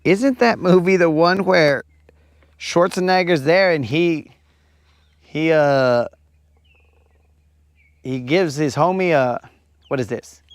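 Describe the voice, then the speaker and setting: A man's voice: a little high, slow pace, long pauses, dry recording. A man hosting a fishing livestream from a lake, bantering with his chat in a playful, teasing, slangy way.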